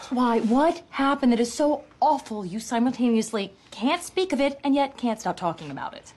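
An actress playing a brisk, sarcastic sitcom wife and mother. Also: on the high side, animated, a little mellow, lightly acted. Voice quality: dry and sarcastic. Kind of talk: sitcom acting. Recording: TV audio with faint noise.

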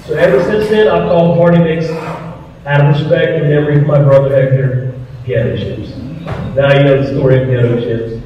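A man's voice: medium pitch, a little hiss or hum. A middle-aged man with a Southern American accent, telling stories in a folksy, earnest, plain-spoken way to a live audience, recorded in a firehouse. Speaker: retired firefighter speaker. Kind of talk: storytelling talk to a live audience. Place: firehouse hall. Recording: echoey, muffled hall recording from far off.

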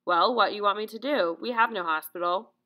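A woman's voice: medium pitch, a little fast, sharp tone, lightly acted. A woman voicing a cold, sadistic female camp commandant, curt and mocking.

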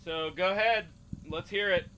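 A man's voice: high voice, bright, forceful tone, slight background noise. A man hosting a game play-through, joking as a mock casting director. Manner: slow, mock-official casting director bit. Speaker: gaming channel host.

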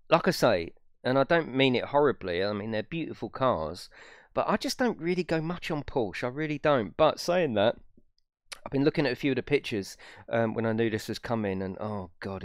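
A man's voice: medium pitch, clean tone, dry recording, studio quality. A young man casually chatting on a live stream, swearing freely and laughing often. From United Kingdom. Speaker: gaming streamer.

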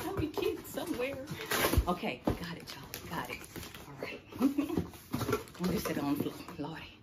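A woman's voice: lowish voice, sing-song, brisk. A woman chatting casually to camera while unboxing packages, laughing often. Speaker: unboxing vlogger. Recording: noisy home recording.

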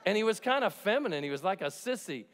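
A man's voice: sits high, very animated, quick pace, fairly bright tone, some chatter behind. A man preaching a sermon as pastor, in an emphatic and jokey way, acting out the people he quotes. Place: large church sanctuary. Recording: long reverb of a church hall.

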